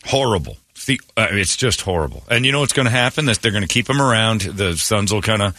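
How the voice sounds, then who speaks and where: A man's voice: fairly low pitch, animated, quick pace, sharp tone, no echo, clean studio sound. A man hosting a morning radio show, ranting with sarcastic, opinionated jabs. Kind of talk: casual morning radio rant.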